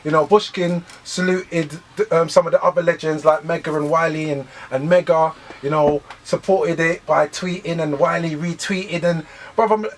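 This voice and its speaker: A man's voice: a little high, moderate pace, slight background noise. A man hosting a radio interview, hyping an MC and chatting. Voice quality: energetic hype calls. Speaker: radio host. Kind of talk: hype-man banter and interview chat.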